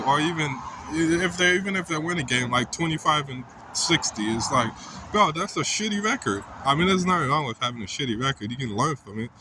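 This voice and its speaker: Frustrated young man venting outdoors. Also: on the high side. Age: young adult. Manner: frustrated, rambling, often says "you know" and "like". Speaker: vlogger. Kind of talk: casual venting monologue. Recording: clear outdoor street noise.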